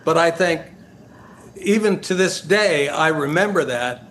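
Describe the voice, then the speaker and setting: Man, older, guest storyteller, slightly high pitch, halting, fillers, chuckling, faint noise. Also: lively intonation, a bit bright. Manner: halting, many fillers, laughs through stories. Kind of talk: casual anecdote-telling.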